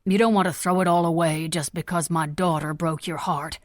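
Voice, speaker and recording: A woman's voice: on the low side, steady tone, brisk, dry recording, natural voice. Woman playing stern senator dad, firm and urgent, audiobook, dry close read. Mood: coaxing. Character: older male senator father, commanding.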